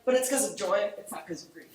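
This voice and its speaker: A woman from Cleveland giving an energetic, chatty conference talk on a lapel mic in a large lecture hall. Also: mid-range voice, slight background noise. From Cleveland, Ohio. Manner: animated, chatty, acts out quoted friends. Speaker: conference speaker. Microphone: collar lapel mic. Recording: very echoey hall, distant mic.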